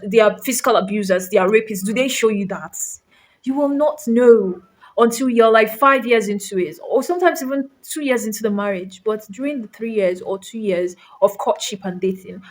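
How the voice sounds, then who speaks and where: A woman from Nigeria ranting to camera, emphatic and full of rhetorical questions, with some swearing. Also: medium pitch. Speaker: vlogger. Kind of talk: impassioned rant to camera.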